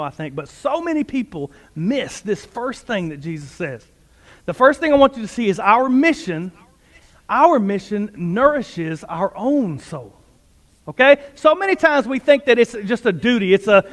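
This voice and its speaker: A man preaching a sermon as pastor, energetic and quick, with joking asides. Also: very high-pitched. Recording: long hall reverb.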